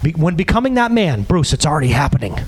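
A man's voice: fairly high pitch, very animated, quick pace, husky. A man in his thirties giving a sermon as a pastor, earnest and full of rhetorical questions.

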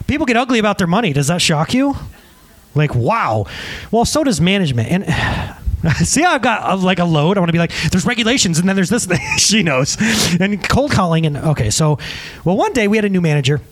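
A middle-aged male pastor delivers a lively sermon with a high voice that swoops all over. He jokes with the room and acts out the people in his stories. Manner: animated, joking, acts out quotes. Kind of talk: sermon with storytelling.

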